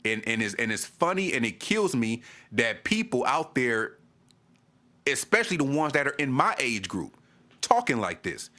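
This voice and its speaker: Man, sports vlogger, ranting, exasperated, repeats lines, mid-pitched voice. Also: big pitch swings, moderate pace, sharp tone. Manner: exasperated, repeats himself, stammers on restarts. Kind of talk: ranting fan commentary to camera.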